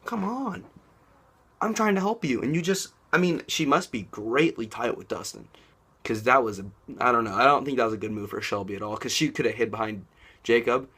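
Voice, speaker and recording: A man contestant in a confessional, exasperated and animated. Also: medium pitch, fairly quick, slightly rough. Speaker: online game contestant.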